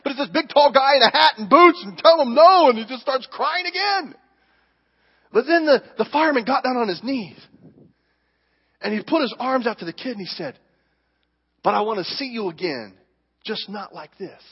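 A man with a very high voice preaches in a church, animated and emphatic as he tells stories. His voice comes through dull and muffled, with a long reverb trailing off the hall. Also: normal speed, breathy edge. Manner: animated, emphatic storytelling with acted quotes. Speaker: pastor. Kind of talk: sermon.

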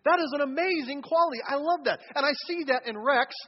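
A man with a very high voice preaching to a congregation, his words trailing off into the long reverb of a large hall. He keeps it humorous, slipping into little acted-out voices as he quotes what people think to themselves. The recording sounds dull and lo-fi. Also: quick pace. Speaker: pastor. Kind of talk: sermon. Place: church sanctuary.

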